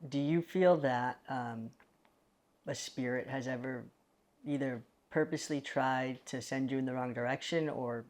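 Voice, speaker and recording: An interviewer asking a guest measured questions. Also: medium pitch, darkish tone.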